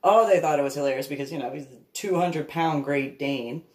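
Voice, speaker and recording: A woman's voice: low voice, brisk, a little mellow. A woman, a reverend and author, casually telling family stories in a meandering way, often laughing. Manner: meandering, laughs often, baby-talk when quoting herself to her dog. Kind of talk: casual personal storytelling. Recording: echoey room.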